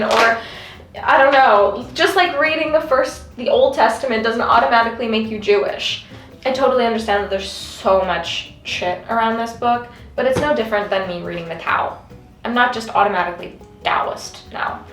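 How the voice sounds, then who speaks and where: A woman's voice: on the high side, moderate pace, a bit bright. A young woman vlogging in a casual, confessional chat, earnest and rambling with many fillers. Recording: roomy with faint music behind.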